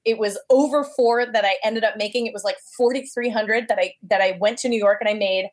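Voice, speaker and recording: A woman's voice: a little high, a little fast. Woman telling a story animatedly. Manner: animated, acts out quoted voices. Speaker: guest. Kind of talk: casual storytelling.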